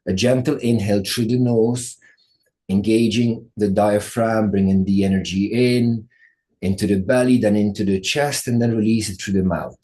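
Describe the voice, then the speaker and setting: A man leading a guided breathwork meditation as coach, speaking slowly and soothingly with many pauses. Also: on the low side, fairly even intonation, warm tone.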